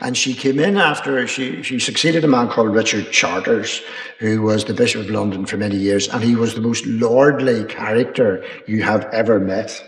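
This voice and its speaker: An older man, an archbishop, answering questions at a public dialogue in a measured, rambling way, pausing with ums and restarts. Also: lowish voice. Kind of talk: unscripted panel answer. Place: college chapel. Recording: echoey chapel with long reverb.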